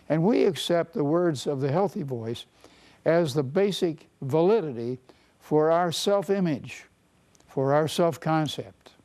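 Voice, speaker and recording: Male therapist lecturing on self-worth, earnest and repetitive, voice a little high but mellow. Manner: earnest, repeats phrases, slows for emphasis. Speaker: marriage and family therapist. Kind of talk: teaching talk on self-esteem.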